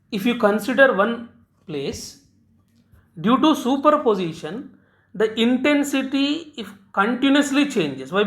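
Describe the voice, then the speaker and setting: Slow, halting male physics teacher. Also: sits high. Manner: halting, frequent "uh" before key terms, repeats phrases. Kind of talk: recorded physics lecture at a board. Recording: echoey room.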